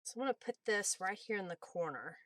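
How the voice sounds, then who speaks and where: A woman's voice: medium pitch, animated, fairly quick, pushed and bright, a little hiss or hum. A woman hosting a crafting livestream, chatting easily and answering viewers by name between laughs. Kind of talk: casual livestream chat while crafting.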